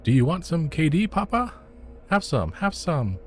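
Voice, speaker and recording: A man voicing a scared, clingy young boy with a Slavic accent, pleading in a high voice. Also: big pitch swings, normal speed, a little hiss or hum. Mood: eager.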